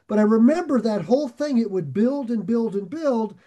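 A man with a high voice leads a verse-by-verse Bible study. He reads scripture aloud and then drifts into friendly, animated asides, getting lit up and loud when excited. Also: moderate pace. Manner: animated, gets excited and raises his voice. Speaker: Bible teacher.

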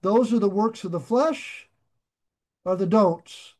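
An older man preaching a sermon, folksy and animated, joking and swinging his volume up and down as he reads scripture. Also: high voice, slow pace. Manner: folksy, animated preaching with jokes and sudden shifts of loudness. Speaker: pastor.

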